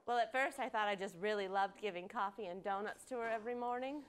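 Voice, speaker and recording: A woman performing a live improv comedy scene on a theater stage, talking in an earnest, deadpan way. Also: medium pitch, quick pace. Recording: noisy live stage recording. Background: audience laughter.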